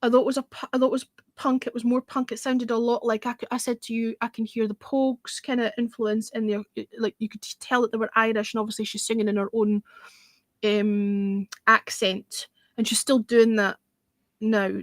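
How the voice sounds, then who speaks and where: A woman's voice: fairly high pitch, level tone, brisk, no room sound. A woman hosting a livestreamed music review panel, giving blunt, opinionated views in casual chat. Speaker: music show host.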